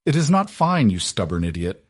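A man voicing a fierce, commanding young wife who gives sharp, urgent orders. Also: medium pitch, sing-song, normal speed.

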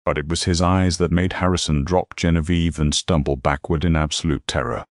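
Deep-voiced male story narrator. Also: fairly even intonation, dry recording, clean studio sound. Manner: dramatic, measured storytelling. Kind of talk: scripted narration.

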